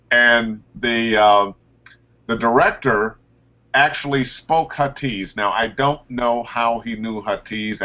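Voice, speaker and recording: A man, a voice actor, chats about his work in a lively way. His pitch swings high and low as he tells stories. His voice comes through a muffled, dull video call line. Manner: animated storyteller, pitch leaps up and down. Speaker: voice actor guest. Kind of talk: casual interview over a video call.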